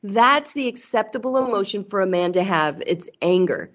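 Woman, mid-pitched, conversational, acts out dialogue; slightly muffled recording. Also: lively intonation, normal speed, a bit bright. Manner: chatty, acts out quoted dialogue. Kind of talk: casual chat about marriage.

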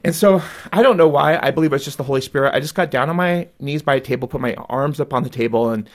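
A man's voice: mid-range voice, fast talker. A man being interviewed as a guest, earnestly recounting a personal story in conversational studio talk. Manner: earnest and animated when retelling events. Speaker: guest author on conflict resolution.

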